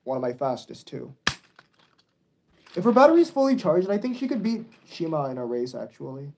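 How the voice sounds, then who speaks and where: A young man streaming his model railway layout in casual commentary, excitable and prone to yelling at the trains. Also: on the high side, moderate pace, vocal fry, slight background noise. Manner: excitable, yells at toy trains.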